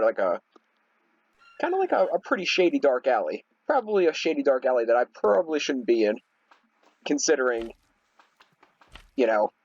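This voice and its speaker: A man's voice: mid-range voice, darkish tone, breathy edge, no echo, lo-fi sound. A young man rambling casually through a story while playing a game, with lots of fillers and restarts. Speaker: gaming video host. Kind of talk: casual storytelling over gameplay.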